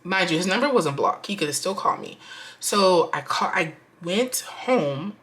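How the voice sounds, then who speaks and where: Young woman, lowish bright voice, chatty storytime vlogger, slangy and animated. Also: moderate pace, a little hiss or hum. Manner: animated, slangy, lots of "like" and "y'all". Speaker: budgeting vlogger.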